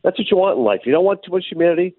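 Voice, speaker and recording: A man co-hosting a casual radio chat, telling stories in a lively way, calling in from away. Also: high-pitched, racing, no echo. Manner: animated storyteller. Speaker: co-host. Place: remote, away from studio. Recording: tinny phone line, dry.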